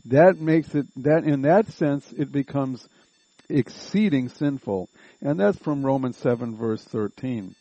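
A man's voice: mid-range voice, unhurried, warm tone, no echo, muffled recording. A man teaching a Bible study lesson, reading passages aloud and methodically rephrasing and rereading them to explain them.

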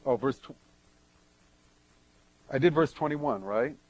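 A man preaching verse by verse, reading scripture aloud and then explaining it, with strong swings between loud and soft. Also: medium pitch, slow, no echo, poor audio. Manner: emphatic swings in loudness. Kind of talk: verse-by-verse Bible teaching.

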